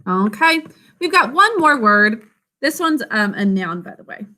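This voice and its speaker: A woman with a high, bright voice teaches a spelling class. She dictates slowly and deliberately, stretching each word and breaking it into sounds and syllables. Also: big pitch swings. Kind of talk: spelling lesson.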